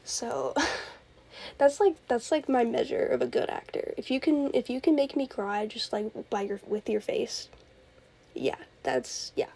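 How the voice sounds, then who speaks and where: Young woman, solo podcast host, gravelly low-edged voice, mellow tone, chatty and gushing. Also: lively intonation, measured pace, low-quality recording. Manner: chatty, gushing, full of fillers and laughs. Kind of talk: casual solo rambling talk.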